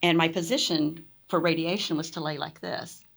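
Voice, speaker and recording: A woman's voice: low voice, moderate pace, vocal fry. A middle-aged woman, a podcast guest, telling stories in conversation with lots of laughter and acted-out voices of the people she quotes. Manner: animated, laughs often, acts out quoted people. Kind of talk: storytelling in conversation.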